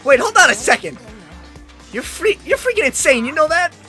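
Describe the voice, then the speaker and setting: Brief: a man playing a bratty teen girl from a game, loud and raised, bright, yelling back, soft music under. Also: extremely high pitch, big pitch swings, moderate pace, exaggerated voice. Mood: defiant. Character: brash defiant teenage girl.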